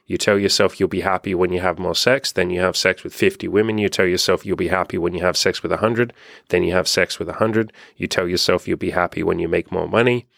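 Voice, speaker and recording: A man's voice: sits low, steady tone, fast talker, creaky, fairly bright tone, dry recording, clean studio sound. A young adult man, a life coach, talking frankly and candidly in a casual monologue, often swearing.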